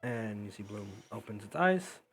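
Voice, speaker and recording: A man narrating a tabletop game as game master, in a relaxed, loose way with many fillers. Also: lowish voice, moderate pace, gravelly, faint music behind.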